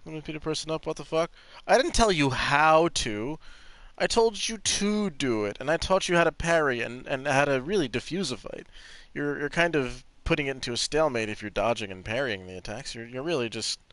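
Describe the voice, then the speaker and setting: A man's voice: a little high, lively intonation, fairly quick, fairly bright tone, dry recording. A man streaming a video game, chatting casually and jokingly with his viewers and swearing freely. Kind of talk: casual gameplay commentary.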